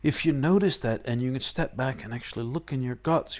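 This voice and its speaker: A man giving a live-streamed spiritual talk, acting out inner voices with sudden high yelps between calm stretches of explaining. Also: brisk. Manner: shifts between loud outbursts and quiet calm explaining. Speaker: spiritual teacher.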